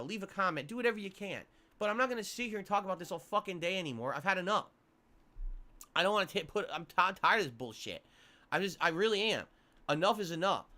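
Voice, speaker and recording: A man's voice: on the high side, pushed and bright. A male streamer venting to his viewers on a livestream, angry and profane, repeating himself as he rants.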